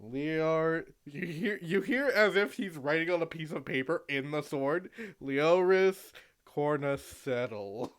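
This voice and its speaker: A man's voice: fairly high pitch, measured pace, hardly any pauses, fairly bright tone. A man narrating as game master in a casual, swearing, laughing style.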